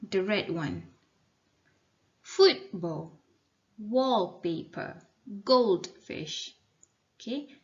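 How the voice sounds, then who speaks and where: A woman's voice: mid-range voice, muffled recording. A woman teacher with a Malaysian accent giving a recorded English lesson to children, explaining patiently and mixing in Malay words. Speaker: primary school English teacher.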